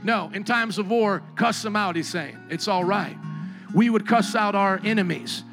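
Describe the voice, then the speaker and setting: A man preaching a sermon in a lively, joking way, breaking into acted-out voices to make his points. His voice sits high and carries a gravelly edge. Faint music plays softly behind him. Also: normal speed. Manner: animated preaching, jokes with the congregation, acts out voices. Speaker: pastor.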